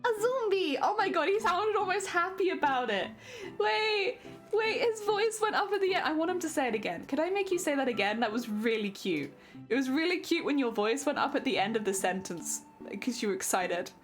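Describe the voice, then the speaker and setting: A woman's voice: high voice, animated, brisk, faint music behind. A young woman streaming, chatting casually with her audience, laughing often and trailing off mid-thought.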